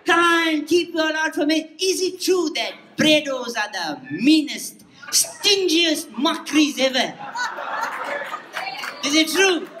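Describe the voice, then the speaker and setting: Durban indian guy doing stand-up, high voice, slow, teasing the crowd, echoey noisy hall. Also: sing-song. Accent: South African Indian English, Durban. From South Africa. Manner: teasing crowd banter, laughing between jokes. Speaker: stand-up comedian. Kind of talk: stand-up comedy at a party. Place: party hall. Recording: echoey hall with loud noise.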